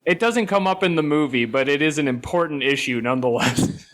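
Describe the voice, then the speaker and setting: A man's voice: fairly high pitch, fairly quick, a bit bright. A man co-hosting a podcast, riffing in casual comedic chat with mock outrage and swearing. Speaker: podcast co-host.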